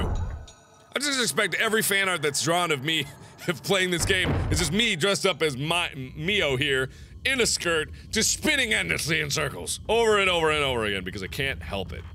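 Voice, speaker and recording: A man giving running commentary on a horror game playthrough. He mutters to himself as he explores and shouts taunts at the ghosts on screen. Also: on the high side, slight background noise. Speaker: gaming video host. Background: loud game music.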